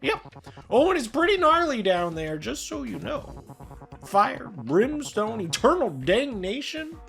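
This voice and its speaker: A woman's voice: mid-range voice, wildly swooping pitch, normal speed, soft background music. A woman voicing a playful old male angel who gambles, cheery and teasing.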